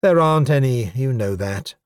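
A man reading a story aloud, voicing a sharp-tongued, teasing female advisor with a sardonic, mocking manner. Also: mid-range voice, lively intonation, normal speed, clear, resonant tone, no echo, studio quality, natural voice. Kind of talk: audiobook character voice.

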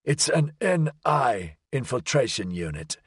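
A man's voice: on the low side, big pitch swings, normal speed, fairly bright tone, breathy edge, no echo, clean studio sound, heavily acted. A male narrator voicing a shaken, secretive male soldier in an audiobook, speaking curtly and grimly. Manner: curt, grim.

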